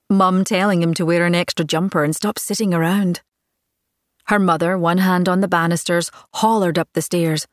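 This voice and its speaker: A woman reading a story aloud in a steady, descriptive narrating manner. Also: on the low side, no echo, clean studio sound. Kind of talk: audiobook narration.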